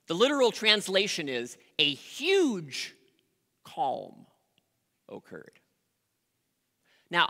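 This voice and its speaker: A pastor preaching a sermon, telling a story with dramatic pauses and rising emphasis. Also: mid-range voice, sharp tone. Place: church sanctuary. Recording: long reverb of a large hall.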